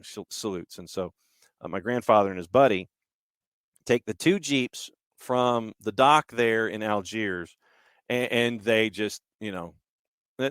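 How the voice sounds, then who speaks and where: A man hosting a podcast, telling a story in an unhurried, conversational way with a few restarts. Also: medium pitch, smooth, dry recording, studio quality. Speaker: podcast host.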